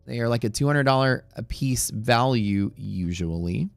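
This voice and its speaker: A man's voice: medium pitch, animated, moderate pace, vocal fry, no echo, soft background music. A man hosting a live day-trading stream, talking in a chatty, rambling way that turns profane at times. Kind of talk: casual live-stream commentary. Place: Houston area.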